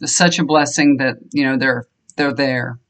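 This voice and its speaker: A woman's voice: extremely low pitch, fairly even intonation, normal speed, fairly bright tone. An older woman, a tarot reader and healer, chatting casually to her viewers at home with rambling, fond storytelling. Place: home room, fan switched off.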